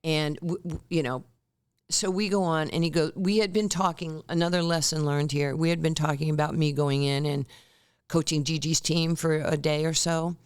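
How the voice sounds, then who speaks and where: Speaking at a moderate pace in a low, clear, resonant voice, a former basketball player in her sixties shares stories on a podcast as a guest. She brings the quotes to life by acting them out.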